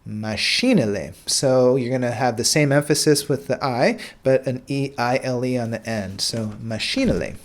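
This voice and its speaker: In a laid-back language lesson, a man from the United States speaks at medium pitch, slowly repeating words. Pauses get filled with "uh" and "all right."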